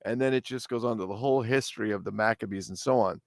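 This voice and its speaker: A man's voice: on the low side, fast, no room sound. Chatty man in a dry room. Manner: rambling, chatty, excitable asides. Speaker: collectibles unboxing host. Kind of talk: casual chat.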